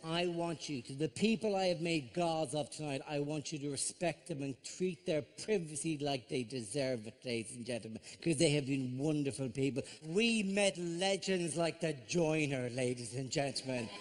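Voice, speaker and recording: An Irish man performing a live stand-up comedy routine on a theater stage, talking to the audience in an animated way and dropping into character voices. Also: fairly high pitch, moderate pace, hardly any pauses. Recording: noisy live show recording.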